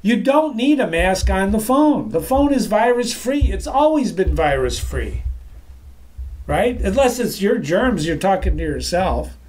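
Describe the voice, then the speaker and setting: A man delivers a motivational sales lesson from his office in a high, lively voice that swings widely up and down. He talks emphatically, repeats key phrases for effect and keeps calling out to his listeners as ladies and gentlemen while pacing around. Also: unhurried. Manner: moves around while talking. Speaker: sales trainer presenting to an online audience. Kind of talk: energetic motivational presentation.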